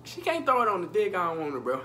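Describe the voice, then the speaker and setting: This storytime vlogger speaks fast in a high, bright, forceful voice with huge pitch swings. The young man swears and uses slang as he tells his story casually, joking directly with viewers, over slight background noise.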